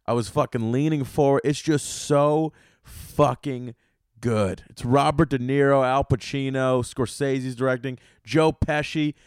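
A young man hosting a solo podcast, talking casually and with lots of swearing, swinging from loud outbursts to low muttering. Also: steady tone, unhurried, clean tone, dry recording, studio quality. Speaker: podcast host.

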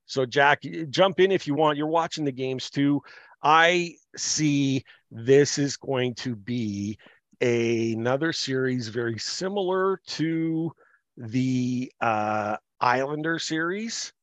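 A man hosting a podcast, chatting about sports in a measured way and thinking aloud with fillers. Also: medium pitch, a bit bright, no room sound. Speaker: podcast host. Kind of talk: casual sports chat. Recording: slightly muffled, dry.

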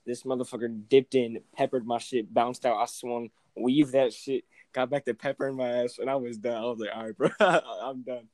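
A man's voice: mid-range voice, flat delivery, brisk, hardly any pauses, mellow, no room sound, low-quality recording. A young man in casual chat, talking in a laid-back, slangy, profane way.

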